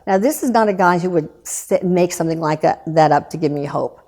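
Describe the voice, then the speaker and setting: A woman in her sixties recounts a painful personal story on an interview show. Her voice sits low and mellow, earnest and subdued. She halts often, restarting phrases and letting them trail off. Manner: halting, with restarts and trailing pauses. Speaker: guest recounting loss.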